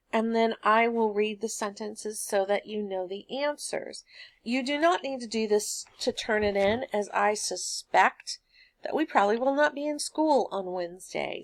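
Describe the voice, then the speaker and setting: A woman teacher giving a recorded grammar lesson, explaining answers in a patient, steady way. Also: a little high.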